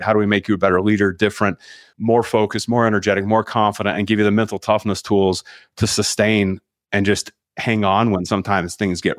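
A man's voice: lowish voice, no echo, studio quality. A middle-aged man, a sales leadership coach, telling a story as a podcast guest and acting out the dialogue with energy.

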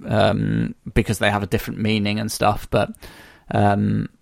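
A man's voice: lowish voice, completely flat delivery, moderate pace, creaky, no echo, clean studio sound. A man co-hosting a podcast in casual chat, giving brief easygoing replies.

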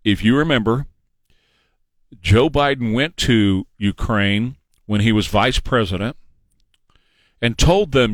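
A man's voice: mid-range voice, sing-song, moderate pace, a bit bright, dry recording. A man giving an opinionated political monologue, emphatic and sarcastic, repeating phrases for effect. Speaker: political commentator.

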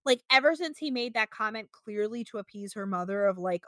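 A woman's voice: medium pitch, expressive, moderate pace, a bit bright, dry recording, studio quality. A young woman hosting a podcast, recapping episodes in a rambling, filler-heavy way and slipping into mocking voices. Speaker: podcast host. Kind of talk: casual chat recapping a show.

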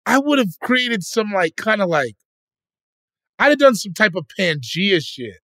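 High-voiced man joking skeptically. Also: big pitch swings, unhurried, pushed and bright, dry recording, studio quality. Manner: skeptical, jokey pushback. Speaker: comedian co-host. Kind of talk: casual podcast chat.

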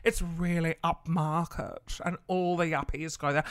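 A man's voice: fairly high pitch, fairly even intonation, a little slow, few pauses, a bit bright, smooth, dry recording. Brief: Australian man, casual monologue host, loose and sweary, dry recording. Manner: chatty and rambling, swears casually, many fillers.

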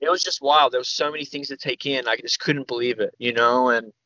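A young Australian man telling a long story as a podcast guest, rambling and animated, full of fillers and the odd swear word. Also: medium pitch, a little fast, dull audio. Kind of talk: casual storytelling interview.

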